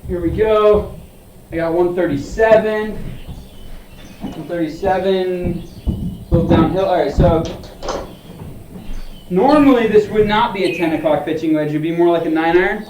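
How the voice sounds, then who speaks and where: A man's voice: sits high, normal speed, long pauses, a little mellow, a little hiss or hum. A man streaming his golf simulator round, talking casually to himself and swearing bluntly as he urges his shots on. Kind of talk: casual live-stream self-talk. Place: indoor golf simulator bay. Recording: echoey room, distant mic.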